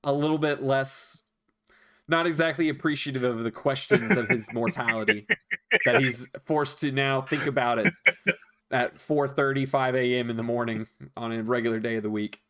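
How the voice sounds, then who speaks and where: A man running a tabletop game as game master narrates in a chatty, rambling way. He fills gaps with ums and searches for words, in a middle-pitched voice. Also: fairly even intonation, normal speed, fairly bright tone. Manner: rambling, chatty, full of fillers.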